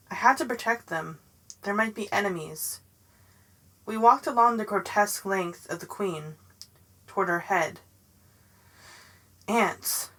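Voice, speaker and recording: A woman reading a novel aloud in the first person, in a measured, dramatic way. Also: medium pitch, a bit bright, poor audio. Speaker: audiobook narrator.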